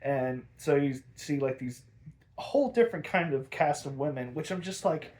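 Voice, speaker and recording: A man's voice: fairly high pitch, moderate pace, a little mellow. A man hosting a podcast, casually recapping a cartoon episode in a chatty, filler-heavy way. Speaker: podcast host.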